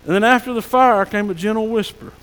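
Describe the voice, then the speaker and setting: A male pastor preaches in a high, folksy voice. He often drops to a soft hush. His words ring out with a long reverb through the church. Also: brisk. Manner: folksy preaching, drops to soft hushed tones for God's whispers. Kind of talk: sermon. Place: church sanctuary.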